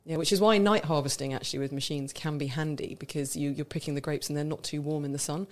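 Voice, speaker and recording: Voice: mid-range voice, steady tone, fast talker. A radio co-host explaining wine in an easy, knowledgeable way, laughing now and then. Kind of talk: casual radio chat. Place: radio studio.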